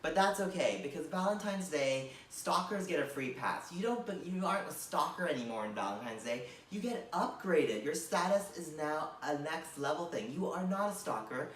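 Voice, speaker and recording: A man's voice: a little high, animated, normal speed, few pauses, a bit bright, a little hiss or hum. A young man performing a stand-up comedy set, with a rambling delivery full of fillers like "like" and "you know.". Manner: rambling, filler-heavy delivery with many likes and you knows. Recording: echoey room from far off.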